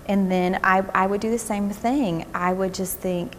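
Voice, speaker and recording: A woman recounting her own experience in a documentary interview, speaking haltingly with fillers and restarts. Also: mid-range voice, steady tone, slight background noise.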